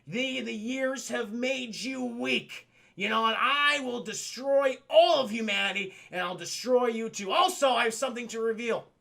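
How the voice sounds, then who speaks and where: A man voicing a furious, spiteful female gargoyle villain who shouts threats. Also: high voice, normal speed, vocal fry, exaggerated voice. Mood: threatening.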